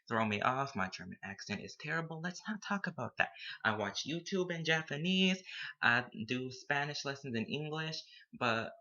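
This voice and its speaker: A man's voice: mid-range voice, bright, forceful tone. A young man, a student, talking casually to camera and playfully dropping Spanish words into his English. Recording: dull lo-fi recording.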